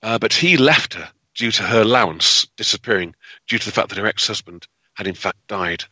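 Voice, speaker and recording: A man's voice: lowish voice, fairly quick, bright, forceful tone, husky, no room sound, rough recording. A man telling a grim piece of local history in a dramatic, unscripted way, with many fillers and restarts. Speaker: historical storyteller. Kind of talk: spoken history storytelling.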